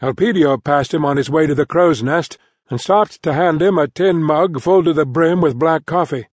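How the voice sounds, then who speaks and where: Man, audiobook narrator, measured reading, slightly high voice, dry booth sound. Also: no echo. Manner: even, measured storytelling. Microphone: close studio mic.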